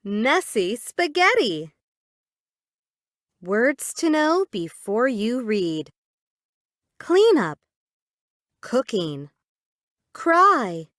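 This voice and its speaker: A woman reading children's stories aloud for English learners in a clear, deliberate, expressive way. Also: fairly high pitch, no room sound, studio quality. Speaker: audiobook reader.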